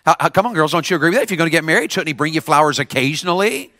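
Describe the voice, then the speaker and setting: Lively high-voiced pastor preaching. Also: male voice, very fast, no room sound, studio quality. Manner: preaching with call-and-response and repetition. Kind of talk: sermon to teenagers.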